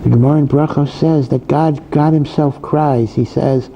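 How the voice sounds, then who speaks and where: A man's voice: a little high, fairly even intonation, moderate pace, mellow, dull audio, a little hiss or hum. A male rabbi giving a Torah lecture in a conversational way, full of asides and repeated phrases. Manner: conversational, many asides and repetitions.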